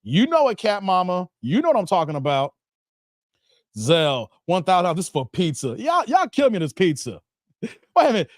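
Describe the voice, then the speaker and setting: A man's voice: sits high, no echo, studio quality. A man hosting a livestream, reading chat comments aloud in casual slangy banter and laughing often.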